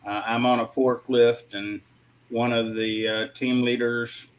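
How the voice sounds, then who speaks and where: A man in a casual panel discussion, speaking in a reflective way with frequent pauses. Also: medium pitch, flat delivery, rough recording.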